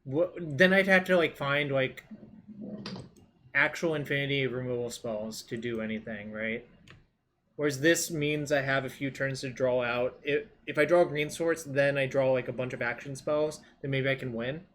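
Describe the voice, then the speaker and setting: A man's voice: mid-range voice, fairly even intonation, normal speed, fairly bright tone, a little hiss or hum. Man thinking aloud over a card game. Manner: thinks aloud, swears casually. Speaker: card game player commentating his own match. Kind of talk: casual gameplay commentary.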